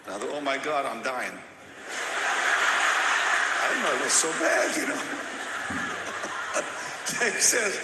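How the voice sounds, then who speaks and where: A man preaching, telling a personal story with animated delivery, repeating words and laughing now and then. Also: medium pitch, normal speed, long pauses, heavy background noise. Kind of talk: sermon storytelling. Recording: echoey hall with long reverb.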